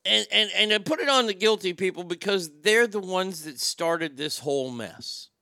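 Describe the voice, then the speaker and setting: A man's voice: high-pitched, lively intonation, normal speed, sharp tone, dry recording, clean studio sound. A man hosting a talk show, ranting bluntly and profanely, with frequent stammered restarts. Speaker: show host. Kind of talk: opinionated talk show rant.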